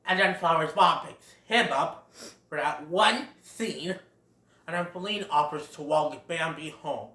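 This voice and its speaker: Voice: medium pitch, a little slow, sharp tone, echoey room. A film reviewer retelling a plot in a casual, chatty way, laughing along. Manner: chatty, laughs at own jokes.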